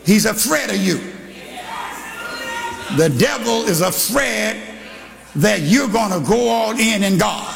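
An older man preaching a sermon, telling a story and shouting to a congregation in call-and-response. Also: high-pitched, lively intonation, slow pace, gravelly, pauses often. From Texas. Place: church hall. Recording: live in a reverberant church with congregation.

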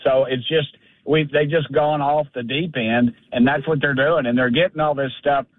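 A man's voice: medium pitch, fairly even intonation, normal speed, dry recording. Blunt folksy man, congressman calling in, tinny phone line, dry sound. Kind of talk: phone call-in interview.

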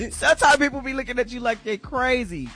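Woman, very high voice, animated pitch, gospel morning host, music bed. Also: normal speed. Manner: lively, churchy call-and-response. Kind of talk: gospel morning radio hosting.

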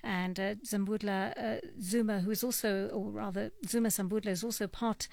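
A woman from South Africa hosting a talk radio show, reading listener messages and taking calls in a measured, wry manner. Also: medium pitch, steady tone, creaky, crowd noise. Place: radio studio.

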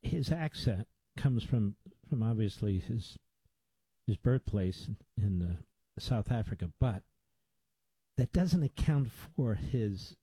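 A man's voice: on the low side, expressive, slow, warm tone, slightly rough, dry recording, rough recording. A male radio host delivering emphatic, indignant talk radio commentary with lots of repetition.

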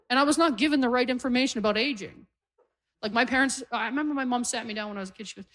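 A middle-aged woman performs stand-up, racing through family stories in a fairly high, slightly bright voice with lively intonation. She acts out her relatives in quotes as the audience laughs.

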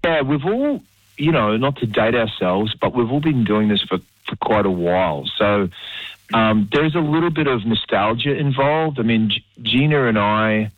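A man's voice: mid-range voice, expressive, moderate pace, no room sound. Hesitant man on a dull phone line. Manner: hesitant, filler-heavy, dry humor. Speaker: guest singer. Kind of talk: radio interview chat.

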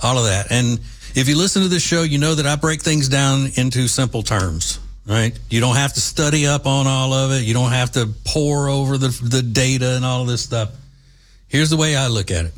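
A man's voice: medium pitch, moderate pace. A man hosting a talk radio show, folksy and opinionated, rambling with fillers.

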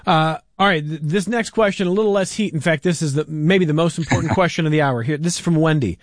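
Male radio host, raised pitch, dry close sound, conversational, reads listener mail. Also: quick pace, no echo. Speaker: radio talk show host. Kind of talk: radio call-in interview.

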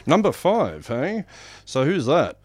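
A man's voice: fairly high pitch, huge pitch swings, slow pace, a little mellow, no room sound. A man hosting a community radio fundraiser, chatty and jokey, reeling off lists on air. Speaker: radio host. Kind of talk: casual on-air fundraising chat.

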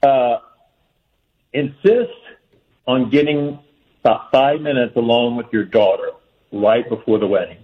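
A man's voice: mid-range voice, a little slow, long pauses. A man calling in to a radio show, giving earnest, heartfelt advice. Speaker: caller. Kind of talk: call-in advice. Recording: dull phone-in line.

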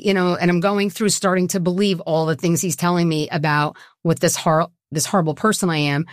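A woman's voice: on the low side, fairly even intonation, brisk, dry recording, studio quality. A middle-aged woman, a guest on a talk show, telling her own story in an earnest, personal and sometimes emotional way. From Southwest Florida. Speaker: guest, nonprofit co-founder. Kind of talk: casual interview conversation.

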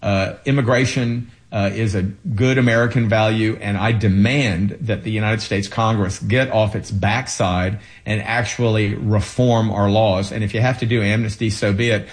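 Male political candidate, lowish voice; earnest, halting delivery full of fillers. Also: fairly even intonation. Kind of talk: interview answers.

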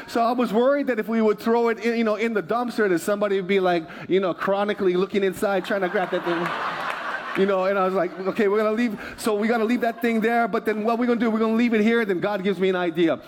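A man's voice: high voice, steady tone, fast, slight background noise. A male pastor preaching a sermon in a church, telling stories in a conversational, joking way. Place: church sanctuary.

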